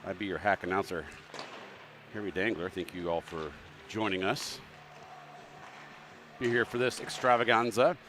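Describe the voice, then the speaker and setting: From a mobile booth at the rink, a man calls a live local hockey broadcast, rambling and cracking self-deprecating jokes. His voice sits low, he speaks at a normal speed with frequent pauses, and background noise is audible.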